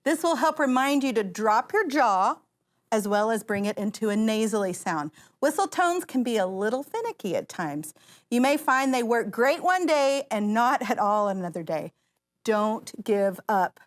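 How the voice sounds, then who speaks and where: A woman's voice: on the high side, big pitch swings, moderate pace. A woman vocal coach, giving an encouraging voice lesson and guiding singers through exercises. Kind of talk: voice lesson instruction. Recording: loud piano music behind the voice. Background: piano.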